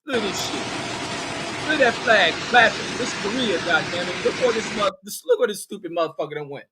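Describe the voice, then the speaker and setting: A man with a high-pitched voice rants through profane, scornful commentary on a video clip, mocking and laughing as he goes. Clear background noise sits under his voice. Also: expressive, fairly quick. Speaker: vlogger commenting on news footage.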